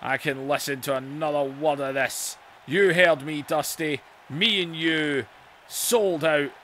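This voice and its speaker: A blustering veteran wrestler, as a gamer puts him on, barks orders and trash talk at his rivals. The voice sits a little high, with a faint hiss of noise behind it. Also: a little slow, a bit bright. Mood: challenging. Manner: bossy, insulting trash talk. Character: blustering veteran male wrestler cutting a promo. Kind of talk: mock wrestling promo over a video game.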